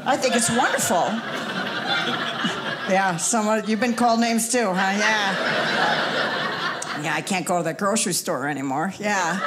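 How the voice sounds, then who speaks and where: A woman's voice: fairly low pitch, fairly bright tone, slight background noise. An older woman performing a stand-up comedy set, chatting with the audience and teasing them. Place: comedy club stage before a live audience.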